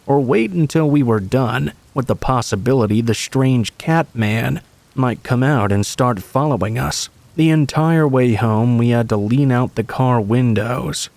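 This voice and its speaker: A man's voice: medium pitch, darkish tone, no echo. A man hosting a channel, reading true scary stories aloud in a casual, friendly delivery. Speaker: host and story narrator.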